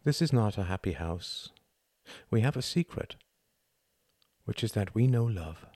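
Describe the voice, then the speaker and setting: A gruff but loving older housemaid speaks in a storybook reading, plain-spoken and gently scolding, as a man reads her lines. The voice is deep and close, with no room around it. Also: normal speed, no room sound. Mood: soft. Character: warm older woman servant, gruff and loving.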